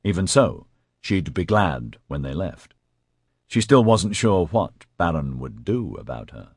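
A male narrator with a very deep voice that rises and falls with lively intonation. He tells the story expressively, with a dramatic touch. The read is close and dry, with no room echo. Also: unhurried, husky. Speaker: audiobook narrator. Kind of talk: scripted narration.

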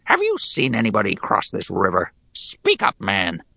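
A man voicing a sneering male goblin soldier leader with a high, grating, rasping voice that barks and mocks. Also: wildly swooping pitch, moderate pace, sharp tone, no echo, exaggerated voice. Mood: sneering, barking. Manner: barking, mocking. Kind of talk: audiobook character voice.

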